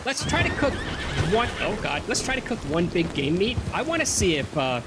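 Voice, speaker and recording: A man's voice: sits high, big pitch swings, normal speed, background noise. A man casually commenting on his playthrough of a game, chatty and joking. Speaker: let's play gamer.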